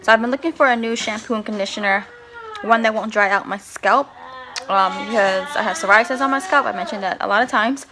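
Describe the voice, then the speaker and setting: Chatty young mom vlogger, rambling and laughing, handheld camera, clear background noise. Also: female voice, medium pitch, fairly quick. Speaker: vlogger, mother. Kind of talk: casual vlog talk to camera. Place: stores and home, in and out of doors.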